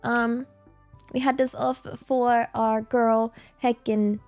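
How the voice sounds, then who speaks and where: A woman chats loosely with her stream, her voice sitting a little high as she wanders between thoughts, filling gaps with ums and quick giggles. Faint music plays underneath. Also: little pitch movement, darkish tone. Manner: rambling, giggly, many fillers. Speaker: VTuber streamer. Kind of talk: casual livestream Q&A chat.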